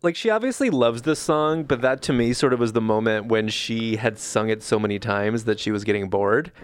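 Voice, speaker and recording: A man co-hosting a casual music podcast, self-deprecating and quick to laugh. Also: medium pitch, clear, resonant tone. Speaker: podcast co-host.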